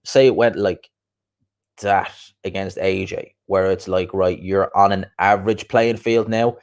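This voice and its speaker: A man's voice: sits low, steady tone, measured pace. A man chatting casually as a boxing show host, opinionated and repeating his points for emphasis. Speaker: boxing show host reading viewer comments. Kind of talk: casual livestream chat.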